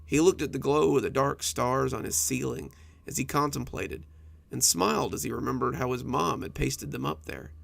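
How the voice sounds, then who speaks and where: A man narrating horror stories in an expressive storytelling manner. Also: mid-range voice, moderate pace, gravelly.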